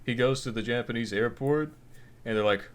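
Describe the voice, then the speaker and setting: A man's voice: medium pitch, brisk, smooth. A man co-hosting a comedy podcast, rambling through crude jokes in casual chat. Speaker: podcast co-host.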